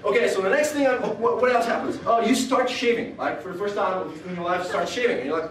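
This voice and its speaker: A man's voice: high voice, animated, fast, few pauses, a crowd in the background. A young man giving a humorous talk on stage, rambling with lots of fillers and laughter, recorded from far off in a lecture hall. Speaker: speaker.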